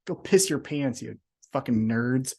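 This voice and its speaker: A man's voice: medium pitch, lively intonation, measured pace, vocal fry, darkish tone. A man co-hosting a wrestling podcast, ranting with heavy swearing and mocking put-on voices. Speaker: podcast co-host. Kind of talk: profane ranting wrestling chat.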